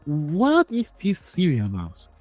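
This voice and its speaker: A man hosts an interview in a casual, joking way, and his voice sits fairly high for a man. The sound is dry and close, with faint music in the background. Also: huge pitch swings, unhurried, a little mellow, no echo. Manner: conversational, joking, laughs at his own stories. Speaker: interview host.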